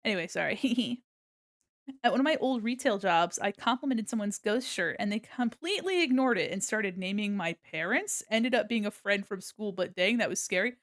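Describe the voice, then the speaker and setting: A young woman chatting casually on a livestream while she draws, swearing freely, laughing often and softly singing along. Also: medium pitch, lively intonation, normal speed, no room sound, clean studio sound. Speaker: streamer.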